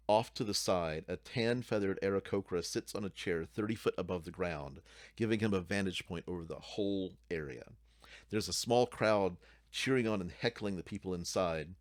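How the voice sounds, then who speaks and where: A man narrating as dungeon master in a relaxed, descriptive way. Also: sits low, no room sound, clean studio sound. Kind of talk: narrating a tabletop game.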